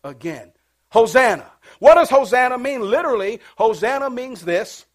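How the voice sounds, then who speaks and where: A man's voice: very high voice, animated, moderate pace. A middle-aged pastor preaching a sermon, with playful call-and-response to his congregation.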